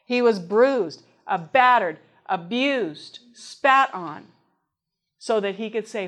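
A woman's voice: medium pitch, expressive, slow pace, fairly bright tone. A middle-aged woman preaching a sermon in an earnest way, reading scripture aloud and asking her listeners questions.

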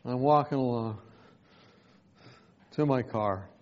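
A pastor telling a personal story in a sermon, who laughs often between lines. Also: male voice, medium pitch, slow pace, dull audio.

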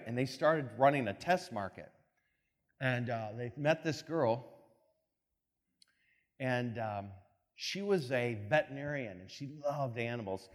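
A man's voice: on the high side, lively intonation, a little slow, long pauses. A man giving a motivational talk with slides, telling a story animatedly and acting out voices. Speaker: speaker. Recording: long reverb in a hall.

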